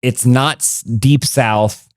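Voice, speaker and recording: A man's voice: mid-range voice, fairly even intonation, takes it slowly, dry recording, clean studio sound. Rambling American man, casual comedy banter. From United States. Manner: rambling, self-interrupting, joking. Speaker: podcast co-host.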